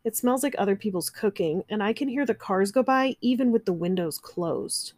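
A woman's voice: medium pitch, lively intonation, normal speed, a little mellow, no room sound, clean studio sound, lightly acted. A woman voicing a gloomy, stubborn eight-year-old boy in a storybook reading, sulky and complaining.

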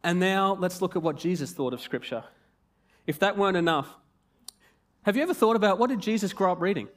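Lively, joking male preacher. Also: high-pitched, brisk. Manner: animated, jokey and conversational. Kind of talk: sermon.

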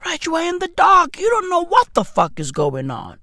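A woman's voice: very high voice, wildly swooping pitch, moderate pace, bright, forceful tone, no echo, studio quality. A South African woman telling a comic story in a profane rant, asking "right?" again and again.

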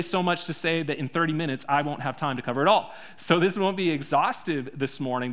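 A man preaching a sermon in a church, conversational, full of rhetorical questions, swinging between soft and loud. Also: fairly high pitch. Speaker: pastor.

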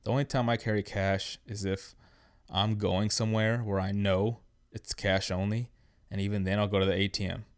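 Male podcast host, 30s, lowish voice, profane casual rant, dry room. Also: flat delivery, moderate pace, clear, resonant tone, dry recording. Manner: profane, blunt, ranting. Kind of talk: casual solo ranting podcast.

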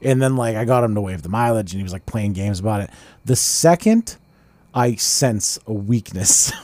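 A man's voice: on the low side, moderate pace. A man co-hosting a casual podcast chat, telling boastful stories with lots of swearing and fillers. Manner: animated, swearing, boastful storytelling. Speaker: podcast co-host.

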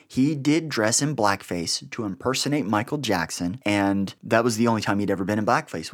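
A man hosting a podcast, giving blunt, sarcastic political commentary with an exasperated edge. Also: lowish voice. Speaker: podcast host.

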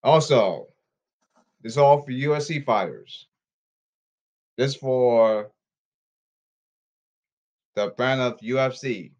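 A man ranting on his own podcast, repeating himself and calling people out, swinging from apologetic mutters to shouts. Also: mid-range voice, slow pace, pauses often. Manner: repetitive, emphatic, calling people out. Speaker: podcast host. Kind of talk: rambling solo podcast rant.

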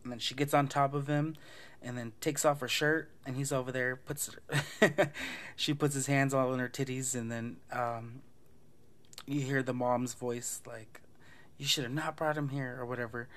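A man's voice: mid-range voice, little pitch movement, normal speed, a bit bright. A man hosting a casual podcast, retelling a movie plot in a loose, profane way and acting out the lines. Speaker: podcast host recapping a film.

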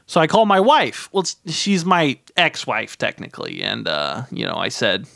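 A man's voice: medium pitch, moderate pace, creaky, fairly bright tone, no echo, clean studio sound. A middle-aged man telling a rambling comic story as a podcast guest, stumbling over repeated words and tagging his lines with "right?".

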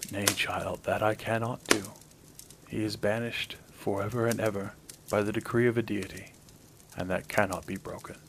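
A man voicing a stern, aging father deity of heaven in a storybook reading, speaking in a measured, commanding way. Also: lowish voice, steady tone, noisy background, lightly acted.

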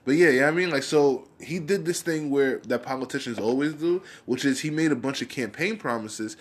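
A young man in a casual vlog rant, heated and full of swearing. He rambles and restarts as he goes, at an ordinary, middling pitch. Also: moderate pace. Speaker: vlogger.

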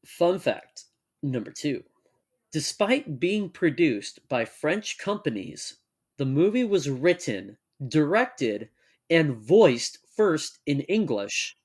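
A young man co-hosting a casual chat, joking and laughing often, and reading text aloud at a measured pace. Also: on the high side, sing-song, breathy edge. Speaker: podcast co-host.

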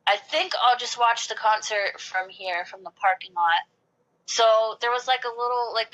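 Chatty bright-voiced woman telling stories. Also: on the high side, low-quality recording. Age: late 20s or older. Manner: chatty, lots of "like", acts out quotes. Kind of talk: casual storytelling.

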